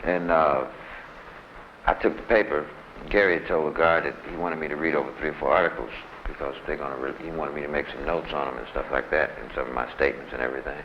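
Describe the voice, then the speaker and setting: Low-voiced man telling a prison story. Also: steady tone, fast talker, slight background noise. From United States. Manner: loose and rambling, full of "man" and "you know". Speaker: interviewee recounting time in solitary. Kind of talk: casual storytelling in street slang. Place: prison visiting room. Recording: muffled lo-fi archival tape.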